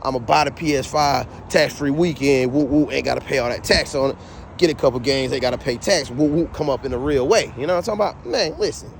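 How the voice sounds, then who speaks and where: A man telling a story to the camera in a casual, animated rant. He swears a lot and keeps asking "you know what I'm saying". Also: mid-range voice, fast talker, vocal fry, a little hiss or hum.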